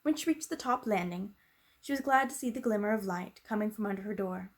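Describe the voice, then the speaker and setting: Gentle woman reading a storybook aloud. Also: mid-range voice, brisk. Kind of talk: reading a children's book aloud.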